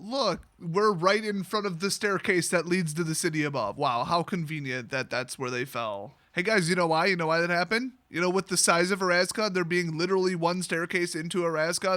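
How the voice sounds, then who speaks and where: Brief: sarcastic young male host, bright and forceful, dry close sound. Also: fairly high pitch, dry recording. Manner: sarcastic, mocking, casual slang. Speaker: YouTube host. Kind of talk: sarcastic comedic story recap.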